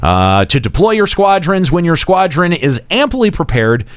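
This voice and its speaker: Male co-host reading patch notes between jokes; lively pitch, slightly high. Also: normal speed, smooth, dry recording. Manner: reads in a steady flat delivery, breaks into mocking jeers. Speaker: podcast co-host.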